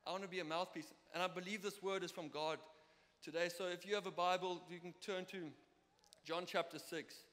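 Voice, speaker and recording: A young man with a South African accent preaching a sermon in a church, telling lively stories and acting out the dialogue. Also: high voice, moderate pace. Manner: lively, storytelling, acts out dialogue. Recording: long reverb of a church hall.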